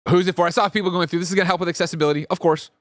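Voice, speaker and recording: A man hosting a gaming podcast, ranting in a casual, profane, animated way. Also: high voice, rapid-fire, dry recording, clean studio sound. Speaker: podcast host.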